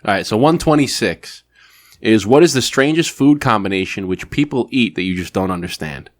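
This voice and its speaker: A man's voice: lowish voice, lively intonation, moderate pace. A man hosting a podcast in casual chat, easygoing and rambling as he tells jokes. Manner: easygoing, rambling, many fillers and restarts when telling jokes. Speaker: podcast host.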